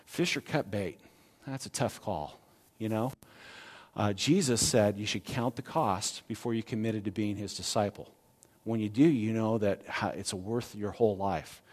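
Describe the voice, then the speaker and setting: A man's voice: on the low side, unhurried, darkish tone, husky. A man preaching a sermon as a pastor, conversational, with asides and questions to the congregation.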